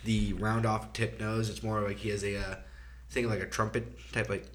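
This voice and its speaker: A man hosts a podcast in a somewhat low voice. He talks in a relaxed way and explains things at length, padding his talk with fillers. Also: moderate pace. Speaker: podcast host. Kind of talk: casual chat.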